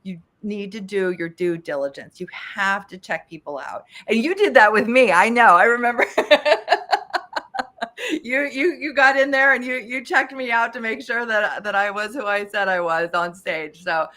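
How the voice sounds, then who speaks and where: Woman, podcast guest, talkative and emphatic, mid-pitched voice. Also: normal speed, sharp tone. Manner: talkative and emphatic, many restarts. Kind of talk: casual interview chat.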